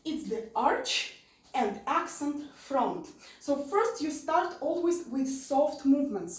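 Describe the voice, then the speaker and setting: A woman's voice: sits high, sing-song, unhurried. A woman teaching an online dance lesson, counting beats aloud and repeating her cues. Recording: roomy sound from far off.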